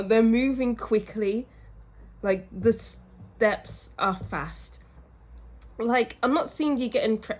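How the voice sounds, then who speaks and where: A woman's voice: medium pitch, darkish tone. A woman giving a casual pick-a-card tarot reading, effusive and emotional, laughing often as she talks straight to the viewer. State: teary at times. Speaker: tarot reader.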